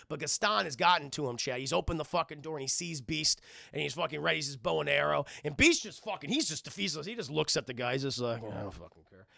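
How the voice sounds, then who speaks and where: A man streaming a casual, profane film recap, animated and talking to his chat throughout. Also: on the high side, fast talker, vocal fry, no echo, clean studio sound.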